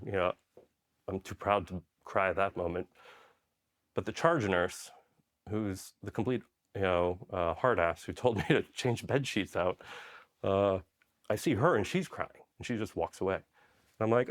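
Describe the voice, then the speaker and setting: A middle-aged Polish man who once served as an army special forces medic tells stories as an interview guest. His voice sits low, he talks at normal speed with frequent pauses, and he keeps tagging lines with "right?" and "you know."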